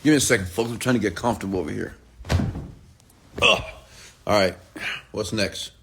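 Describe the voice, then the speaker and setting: A man giving a casual late-night rant, talking straight to his viewers and acting out other people in high, mocking voices. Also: moderate pace, creaky, noisy background. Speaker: online entrepreneur and mentor.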